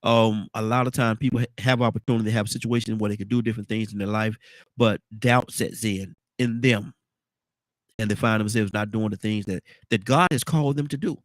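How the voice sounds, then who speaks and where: A man's voice: fairly low pitch, fairly even intonation, brisk, dry recording. Congested man hosting a morning show. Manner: rambling, repeats words, folksy asides. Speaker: radio talk show host. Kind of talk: casual morning talk show chat.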